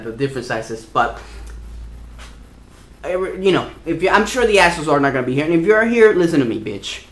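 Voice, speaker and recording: A man's voice: fairly high pitch, fairly bright tone. A ranting, cursing man in an echoey room. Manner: profane, exasperated ranting. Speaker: toy vlog host. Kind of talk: casual ranting vlog. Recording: roomy echo.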